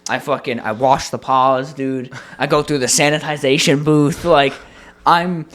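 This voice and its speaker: A man co-hosting a podcast, telling a story in casual chat with an animated, profane manner. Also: mid-range voice, measured pace. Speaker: podcast co-host.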